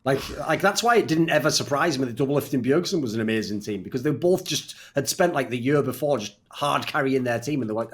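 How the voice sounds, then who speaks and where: Brief: brash podcast guest, man, teasing and rapid-fire. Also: medium pitch, lively intonation. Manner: blunt, profane, teasing. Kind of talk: casual podcast chat.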